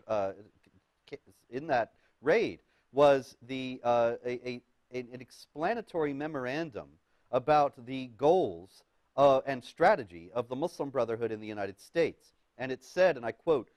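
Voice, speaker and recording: A man interviewing a guest in a political talk, asking long questions and quoting documents at a measured pace. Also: mid-range voice, a little mellow, no echo. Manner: measured, reads quoted documents, some hesitations.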